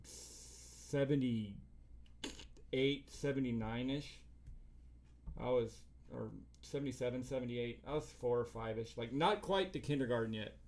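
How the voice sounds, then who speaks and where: The man's voice is mid-range and a little mellow. In a casual podcast chat, this middle-aged co-host rambles profanely through a long story, leaning on filler words and acting out what others said.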